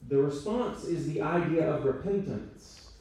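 A church teacher leads a training talk in a church meeting room, keeping it conversational, checking in with listeners, and slipping in self-deprecating jokes. His voice is fairly high, expressive, a little slow, and slightly mellow. The room is very echoey and he sounds far from the mic.

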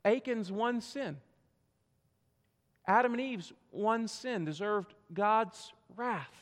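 A man pastor preaching a sermon to a church congregation, emphatic and swinging from loud to hushed. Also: sits high, slow pace. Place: church sanctuary. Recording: long reverb of a church hall.

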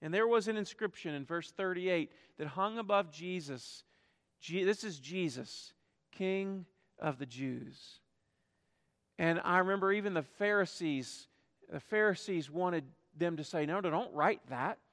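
Pastor, male, high-pitched, passionate sermon delivery, long hall reverb. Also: measured pace. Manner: impassioned, acts out quoted voices, drops to quiet emphasis.

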